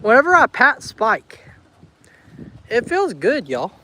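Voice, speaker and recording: A man with a notably high voice and a drawl talks loosely to his viewers, coaxing his animals along and fighting back tears now and then. The sound has the open air of a rural yard, with clear background noise over an outdoor phone recording. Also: huge pitch swings, slow pace, sharp tone, poor audio. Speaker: homestead vlogger on a livestream. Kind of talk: casual livestream chat.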